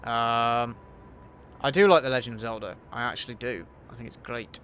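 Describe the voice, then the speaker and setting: A man streams a game for his YouTube audience, tossing off sweary, casual answers to chat and muttering to himself as he plays. His medium-pitched voice is steady and a little bright, at normal speed, with slight background noise.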